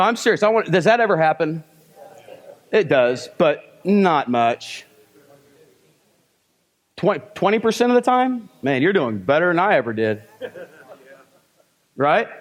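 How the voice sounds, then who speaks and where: Punchy man coaching a seminar crowd. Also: a little high. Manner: coaching with rhetorical questions, punchy commands. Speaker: sales trainer. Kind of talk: live seminar teaching.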